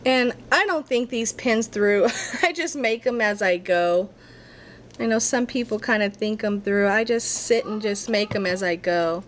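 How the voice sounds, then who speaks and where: A woman's voice: mid-range voice, measured pace, slight background noise. A woman giving a casual crafting tutorial, chatty and a little apologetic, talking to herself as she works at her craft table.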